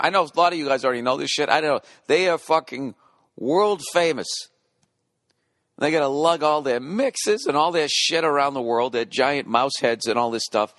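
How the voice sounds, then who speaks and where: Forties comic host, mid-pitched, swearing rant with mouth-made beats and self-heckling asides, dry booth sound. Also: male voice, fairly bright tone, dry recording. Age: 40s. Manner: profane ranting, mimics beats with his mouth. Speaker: podcast host. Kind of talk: rambling comedic monologue.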